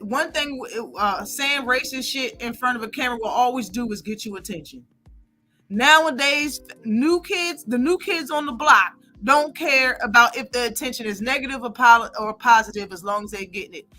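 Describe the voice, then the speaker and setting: A woman's voice: high-pitched, pushed and bright. A woman hosting a live stream, giving heated, blunt and profane commentary.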